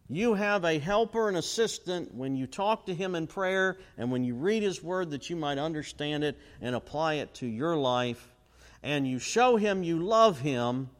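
A middle-aged man preaching a sermon, asking the crowd questions and swinging between loud and quiet. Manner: call-and-response questions, dramatic swings in pitch and volume. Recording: long hall reverb.

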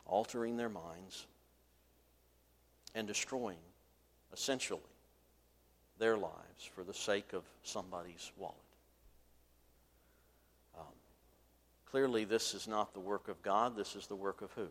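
A man's voice: fairly low pitch, measured pace, pauses often. A man preaching a sermon from the pulpit, telling a story and acting out its voices with rising force. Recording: long hall reverb.

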